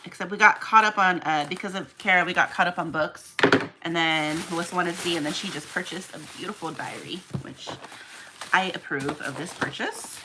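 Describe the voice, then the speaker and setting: A woman's voice: on the low side, brisk, background noise. A woman hosting a casual livestream as she packs orders, chatting and rambling off on tangents while talking to her viewers by name. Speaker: online reseller livestream host.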